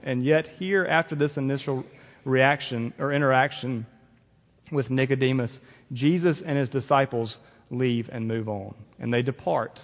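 A male pastor giving an earnest sermon, explaining scripture with occasional restarts. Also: medium pitch. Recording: dull audio with long reverb in a hall.

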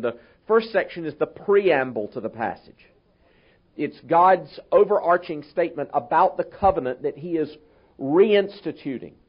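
A man preaching a sermon in an earnest, emphatic way, slowing down to stress key words. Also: a little high, breathy edge. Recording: muffled, lo-fi sermon recording.

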